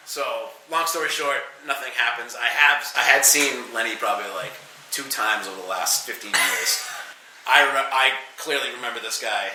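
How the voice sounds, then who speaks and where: A man on a podcast telling a wild bartending story, animated and profane, acting out every line he quotes. His voice is very bright and forward. The room sounds echoey. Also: mid-range voice, moderate pace, slight background noise. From New England. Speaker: podcast guest. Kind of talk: casual storytelling.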